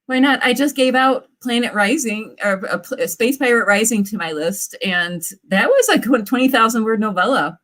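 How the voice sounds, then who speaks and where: A woman's voice: fairly high pitch, normal speed, hardly any pauses, a bit bright. Bubbly woman author, chatty livestream host gushing over viewers. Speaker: author hosting live writing sprints. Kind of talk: casual livestream chat.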